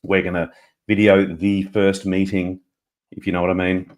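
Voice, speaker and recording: A man with a very low voice and an Australian accent. He phones in to a live fan stream, chatting casually and laughing often between his points. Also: flat delivery, moderate pace. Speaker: caller. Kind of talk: casual call-in chat.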